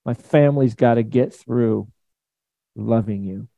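A man preaching a sermon in a conversational, emphatic way, swinging between loud and soft. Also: mid-range voice, measured pace, gravelly, no room sound, phone-quality sound. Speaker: pastor.

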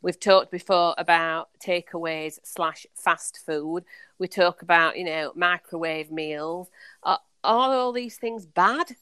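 A woman's voice: lowish voice, takes it slowly, a bit bright, clean tone, dry recording, studio quality. A woman co-hosting a podcast, talking in a thoughtful, questioning way with many restarts. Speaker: podcast co-host. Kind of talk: casual chat.

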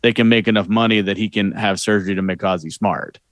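A man talks through a movie plot on a podcast in a loose, rambling way, leaning on fillers. His voice sits on the low side and is recorded dry and close. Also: steady tone, fast, no echo. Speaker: podcast co-host. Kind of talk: casual movie discussion.

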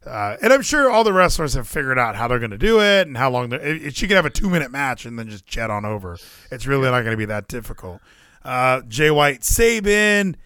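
A man talks wrestling in a loose, ranting way. His voice swoops high and low with a lot of life, and he swears freely. The sound is close and dry, with no room around it. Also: fairly quick, clear, resonant tone, no room sound. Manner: animated ranting, swears freely, acts out crowd shouts. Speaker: podcast co-host. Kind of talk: casual wrestling chat.

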